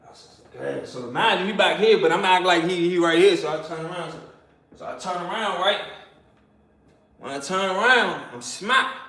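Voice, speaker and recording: A man telling a story in a casual, animated, slangy way, laughing often. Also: high-pitched, normal speed.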